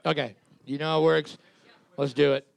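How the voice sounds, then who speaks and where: A man's voice: a little high, little pitch movement, creaky, smooth, no room sound. A man co-hosting a live trivia night, tallying answers and joking sarcastically with profanity. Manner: sarcastic and profane, quick to exaggerate. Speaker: trivia co-host and scorekeeper. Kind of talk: live pub trivia banter.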